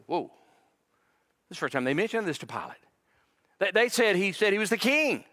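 A man preaching a sermon with a dramatic, emphatic delivery, his intensity building as he repeats phrases. His voice is bright and forceful and sits a little higher than most men's. The sound rings out with the long reverb of a large hall. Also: big pitch swings, brisk. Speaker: pastor.

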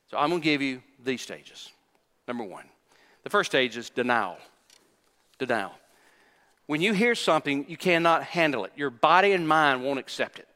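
In a church hall with long reverb, a male pastor preaches in a high, bright voice. He drives his points home with emphatic repetition and acts out the voices of the people he describes.

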